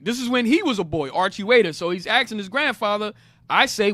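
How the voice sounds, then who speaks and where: This is a man teaching a Bible class with a high, animated voice that jumps all over its range. He explains each passage, repeats his main points with emphasis, and keeps cueing his reader. The recording is dry and close, with no room sound. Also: fairly quick, no echo. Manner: emphatic, repeats key phrases. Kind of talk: interactive Bible lesson.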